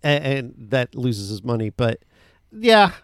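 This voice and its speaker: A man's voice: mid-range voice, sing-song, takes it slowly, clean tone, no echo, clean studio sound. A man co-hosting a casual film podcast, talking in an enthusiastic, rambling way with many fillers. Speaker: podcast co-host.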